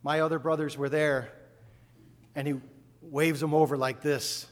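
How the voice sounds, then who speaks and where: Male preacher from upstate New York, folksy sermon storyteller with fervent peaks, slightly high voice, long hall reverb. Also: flat delivery, unhurried.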